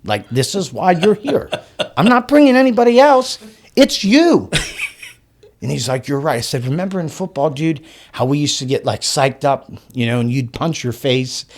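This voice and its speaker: A man on a podcast as the guest, telling a story in an excitable way. He swears often, laughs mid-sentence and acts out the dialogue. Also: on the high side, moderate pace. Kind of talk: animated storytelling.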